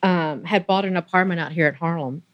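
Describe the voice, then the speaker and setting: A woman in her sixties with a Southern US accent, telling her life story as an interview guest in a chatty, animated way. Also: fairly quick, dry recording, muffled recording. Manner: chatty, animated, voice rising high when excited. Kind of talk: personal storytelling.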